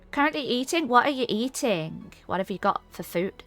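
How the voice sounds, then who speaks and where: A woman's voice: a little high, lively intonation, normal speed, few pauses, a bit bright, soft background music. A woman streamer chatting casually and rambling while playing a game, reading her chat aloud.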